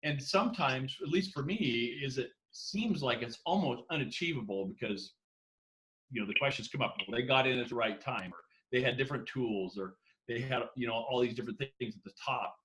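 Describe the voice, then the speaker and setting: A man's voice: medium pitch, brisk, fairly bright tone, low-quality recording. A man on a casual team video call, making an earnest, rambling point and often asking "you know what I'm saying".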